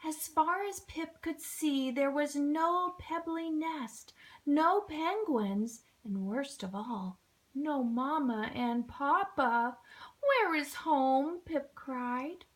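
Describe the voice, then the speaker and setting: A woman reading a children's picture book aloud, expressive and acting out sound effects. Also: sits high, takes it slowly. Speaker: storybook reader. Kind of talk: children's storybook read-aloud.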